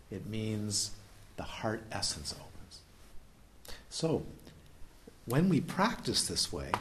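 A man's voice: low voice, slight background noise. A man giving a playful, questioning dharma talk as a meditation teacher at a retreat. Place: retreat hall.

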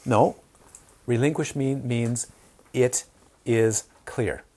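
A man giving an informal Dharma talk to a small group, telling stories with animated asides. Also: medium pitch, takes it slowly. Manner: animated storytelling, acts out quoted voices. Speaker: meditation teacher.

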